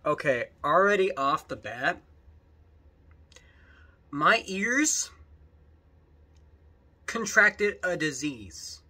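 A young YouTube commentator reacts to videos in a jokey, rambling, exasperated manner. His fairly high voice is pushed and bright, animated yet very slow, with long pauses.

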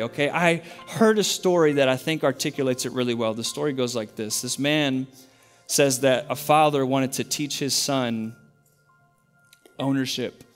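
A male pastor preaching a sermon in a church, telling a story in an earnest, emphatic way with much repetition. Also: mid-range voice.

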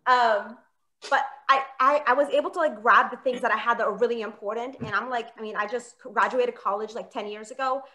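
A woman's voice: on the high side, steady tone, a little fast, pushed and bright. A woman in her thirties performing a chatty, self-mocking stand-up set on a comedy club stage, acting out her own quoted dialogue. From Palestinian American.

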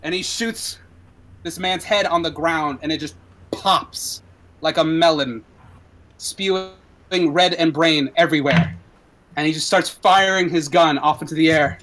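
A man's voice: fairly high pitch, a little slow, rough recording. Man narrating as dungeon master. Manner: relaxed storytelling with fillers. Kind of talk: narrating a tabletop game.

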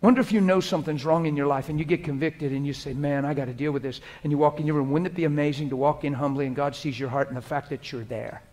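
A male preacher with a high-pitched voice delivers a sermon. He swings from loud, urgent exhortation to soft, intimate prayer spoken as if alone with God. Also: fairly even intonation, fast talker, few pauses.

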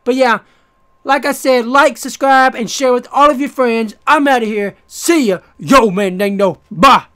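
Bright-voiced swearing male gamer. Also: very high voice, normal speed, clear, resonant tone. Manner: cursing, easily frustrated, ranting; talks to viewers directly. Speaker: gaming YouTuber. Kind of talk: casual gameplay commentary.

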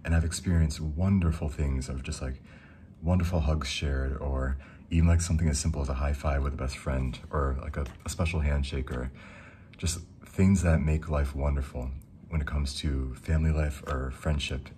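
A young man giving a casual, rambling devotional talk, reading verses slowly and enthusing between them. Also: a bass voice, fairly even intonation, warm tone, a little hiss or hum. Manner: reads scripture slowly. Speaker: Christian speaker.

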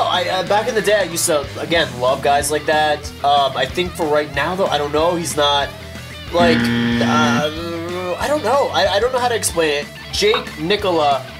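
Excitable young man chatting over music. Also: sits high. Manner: excitable, animated, swears often. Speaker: YouTuber. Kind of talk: casual vlog chat.

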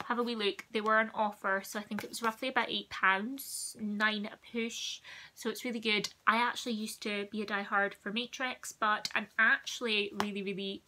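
A young woman from the United Kingdom, a beauty vlogger chatting casually about her favourite products, rambling with asides and quick self-corrections. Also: mid-range voice, fairly even intonation, sharp tone. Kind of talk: casual chat.

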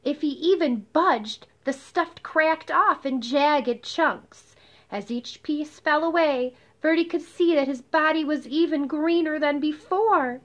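A woman reading a picture book aloud, expressive and pausing to explain words for children. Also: sits high. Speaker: storybook reader.

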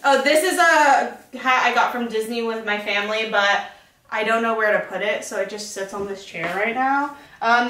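A young woman in her twenties gives a tour of her bedroom in a candid, casual chat, cursing freely as she goes. Her voice sits a little high, and it rings in a roomy, echoey room on the camera mic. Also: fairly bright tone. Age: 20s. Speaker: vlogger giving a room tour. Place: bedroom in an apartment.

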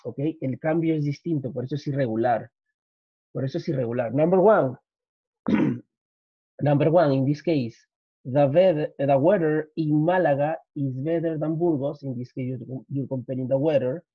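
Husky man teaching English with a Spanish accent. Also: mid-range voice, dry recording. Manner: explains slowly, repeats, switches into Spanish for students. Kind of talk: recorded grammar lesson. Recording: dull lo-fi.

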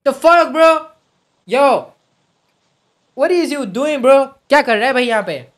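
A man from Rajasthan, live-streaming in loud, agitated chat, switching between English and Hindi and calling everyone "bro". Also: very high voice, animated, very fast. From Rajasthan, India.

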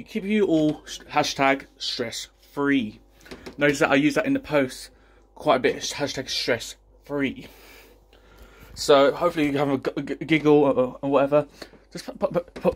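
A man talks straight to camera in a casual vlog, his voice pitched a little high. He is out of breath and giddy, tumbling over his words as he rambles on. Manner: excited and rambling. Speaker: YouTuber and podcast host.

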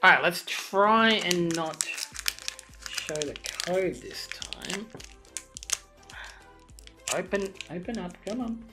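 A woman's voice: on the low side, slow, pauses often, loud music behind the voice. A young woman hosting her channel, chatting casually and swearing often as she opens card packs for viewers. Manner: excitable, swears a lot, chatty asides to viewers. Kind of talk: casual pack-opening commentary.

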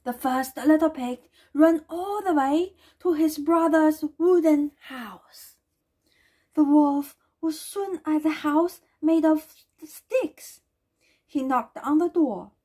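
A woman reading a children's storybook aloud in a gentle way, with small slips and restarts. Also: high-pitched, slow.

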